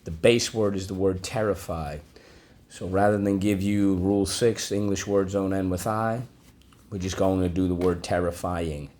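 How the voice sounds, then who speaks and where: A man teaching a vocabulary and phonics lesson, drawing out each word slowly and deliberately. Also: deep voice, steady tone, darkish tone. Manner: slow, deliberate, with drawn-out modeled words.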